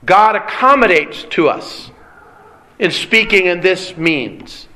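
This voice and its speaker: A man's voice: high voice, big pitch swings, takes it slowly, pushed and bright. A middle-aged man preaching a sermon, earnest and direct, asking the congregation rhetorical questions. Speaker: pastor.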